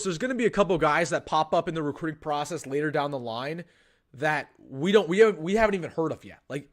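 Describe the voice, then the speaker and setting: Young male stream host, casual and rambling, slightly high pitch, desk mic at home. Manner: chatty, thinks aloud, frequent restarts and ums. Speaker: sports livestream host. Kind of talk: casual live-stream commentary.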